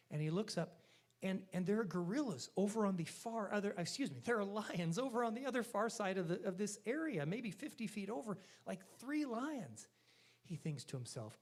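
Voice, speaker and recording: A man's voice: high voice, normal speed. A man telling a long, folksy joke live on stage at a church concert. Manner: animated, folksy storyteller.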